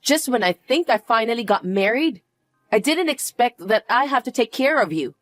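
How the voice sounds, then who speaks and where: A woman's voice: on the high side, animated, normal speed, a bit bright, dry recording, faint music behind. A woman voicing a harsh young daughter-in-law, scornful and impatient, in a narrated family drama.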